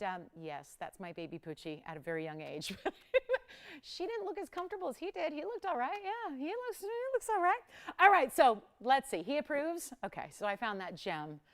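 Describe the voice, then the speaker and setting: A woman hosting a live jewelry shopping auction, chatting casually with viewers and crew and laughing often. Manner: chatty, laughs often, lively swings in pitch and volume.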